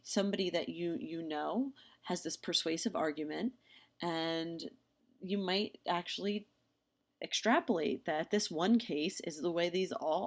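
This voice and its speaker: Female lecturer, lowish voice, conversational and filler-heavy, narrating slides. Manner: casual, chatty with many ums and restarts; acts out lively quoted dialogue in examples.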